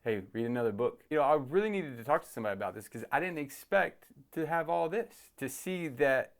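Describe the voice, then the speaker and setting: A man in his thirties, a youth ministry host, retelling a Bible story casually and acting out the characters in quick asides. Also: a little high, animated, gravelly.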